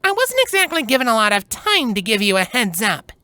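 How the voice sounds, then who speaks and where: A man's voice: very high-pitched, very animated, fairly quick, pushed and bright, dry recording, pitched above the performer's own voice, exaggerated voice. A man voicing a guarded young female alicorn who answers in a cold, defensive way.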